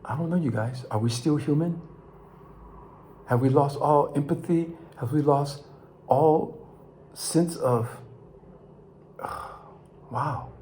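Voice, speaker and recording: An older man from Los Angeles, talking straight to his viewers in an emotional monologue, his voice climbing high when he is angry and sinking low and quiet as he reflects. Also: takes it slowly, long pauses, a little hiss or hum. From Los Angeles, California. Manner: impassioned, rising to near shouts then dropping low. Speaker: vlog host.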